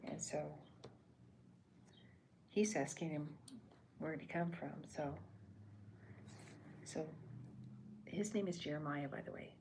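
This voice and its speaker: A woman cartoonist in soft-spoken ASMR commentary, talking hesitantly with many restarts as she describes her comic panels. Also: low voice, slow, long pauses, noisy background.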